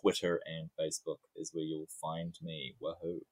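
A man's voice: very deep voice, completely flat delivery, moderate pace, no echo. A man with a New Zealand accent, a podcast guest chatting casually, joking and rambling with many ums.

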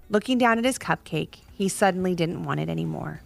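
A woman narrating a children's story podcast in an expressive read-aloud manner. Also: fairly low pitch, a little fast, vocal fry, faint music behind.

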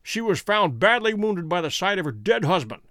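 A man voicing a calm, stern male detective who speaks in a measured, commanding way. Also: sits high, dry recording, clean studio sound, exaggerated voice.

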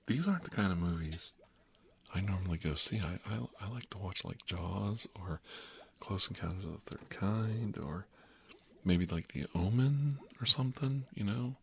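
A prim and genteel young lady, put on by a man, speaks in a fussy, affected tone. Her voice sits low and deep for such a dainty character. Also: expressive, normal speed, gravelly. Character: prim, refined young woman on a first date.

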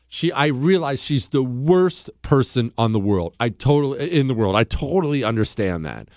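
A man's voice: medium pitch, darkish tone, no echo, studio quality. A man hosting a political talk radio show, sarcastic and mocking, often laughing at his own remarks. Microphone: studio microphone.

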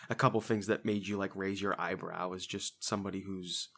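A man's voice: sits low, steady tone, brisk, vocal fry, fairly bright tone. A young man co-hosting a casual movie review podcast, rambling with frequent restarts and fillers. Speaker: podcast co-host.

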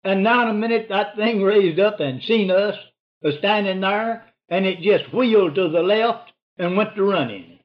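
A man's voice: high voice, normal speed. An older man, telling a hunting story in a rambling, folksy oral-history style. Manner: folksy, rambling, drops to a hushed voice for whispered lines. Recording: dull lo-fi recording.

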